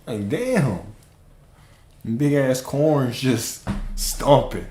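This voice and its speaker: A man chatting on a livestream, speaking in a slow, lively voice that swings up and down. He jokes and curses freely and laughs a lot. The room around him sounds echoey. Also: on the low side. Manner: profane, joking, laughs often, slow drawl. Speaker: livestream host. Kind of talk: casual comedic livestream chat.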